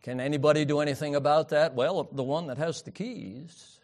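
A man preaching a sermon, swinging from loud emphatic peaks down to soft, quiet asides. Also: on the high side, normal speed. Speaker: pastor.

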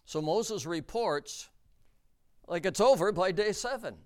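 A man preaching a sermon, emphatic and deliberate, repeating key words for stress. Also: sits high, animated, a little mellow.

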